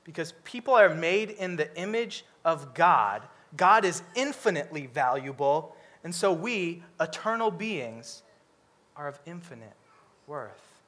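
A man preaching a sermon, lively and humorous, acting out characters with comic voices. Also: fairly high pitch, unhurried.

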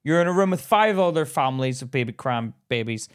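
A man's voice: medium pitch, brisk, clear, resonant tone. A man with a British accent, co-hosting a podcast and telling a story in casual chat, imitating others as he goes. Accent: British English. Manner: animated, mimics others in a sing-song voice. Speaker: podcast co-host.

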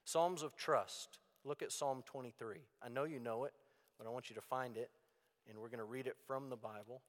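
A man teaching from the Bible in a plain-spoken, emphatic way, hitting key words hard and dropping low for asides. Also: fairly even intonation, normal speed. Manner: plain-spoken and emphatic, with sudden loud stresses and quiet asides. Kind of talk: sermon-style Bible teaching. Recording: long reverb of a large hall.

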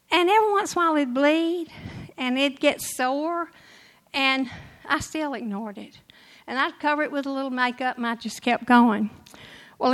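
Older woman, church testimony, emotional storyteller, slightly high voice. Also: fairly bright tone, poor audio. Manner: emotional, storytelling with laughs and quoted dialogue. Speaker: church member giving testimony.

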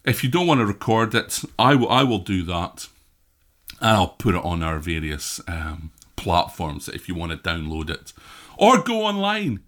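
A Scottish man preaching, reading a psalm slowly and praying, then chatting warmly with his congregation. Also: low voice, very animated. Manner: slow measured scripture reading, then chatty asides. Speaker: pastor. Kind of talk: sermon with prayer.

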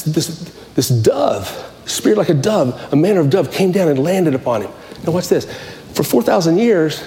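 Impassioned high-voiced male pastor. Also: a little mellow, reverberant, slight background noise. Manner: impassioned, repetitive preaching with restarts. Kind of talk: sermon.

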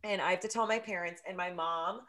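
A woman's voice: fairly low pitch, fairly quick. A woman in her thirties co-hosting a podcast, telling a story with lots of swearing and energy. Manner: animated storytelling, heavy swearing. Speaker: podcast co-host. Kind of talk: casual chat.

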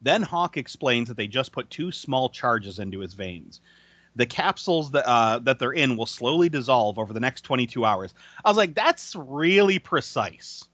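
A man talks through a movie recap on a podcast with a lively, swooping delivery and a bright, forceful tone. He swears casually and breaks into laughter often. The sound is dry and a little dull. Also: medium pitch, normal speed, no room sound. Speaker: podcast co-host.

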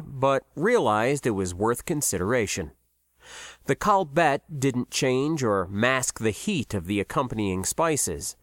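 A man narrating a science fiction story in a measured, expressive way. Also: mid-range voice, no room sound, clean studio sound. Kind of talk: audiobook narration.

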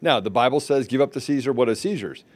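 A man hosting a podcast interview, animated and laughing often. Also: mid-range voice, fast talker. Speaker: podcast host.

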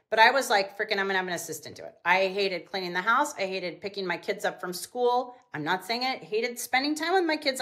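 A middle-aged woman, a business owner guest on a podcast, telling casual stories and acting out quotes with big jumps in pitch. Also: pushed and bright. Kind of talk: casual storytelling in an interview.

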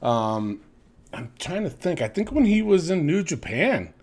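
A man's voice: on the high side, sing-song, measured pace, darkish tone. A man co-hosting a podcast, rambling casually with many fillers and some swearing. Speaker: podcast co-host. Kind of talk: casual wrestling chat.

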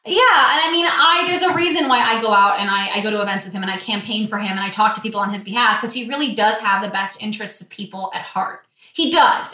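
A young woman co-hosting a podcast in casual chat, candid and animated, laughing often and swearing freely. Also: mid-range voice. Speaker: podcast co-host. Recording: roomy, distant mic.

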